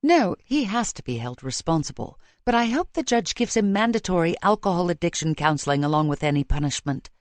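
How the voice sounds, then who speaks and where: Brief: a woman playing a gentle but firm lover, soft and slightly low. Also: sing-song, brisk, few pauses, no room sound. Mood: calm. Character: tender, resolute young woman, loving partner. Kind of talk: audiobook character voice.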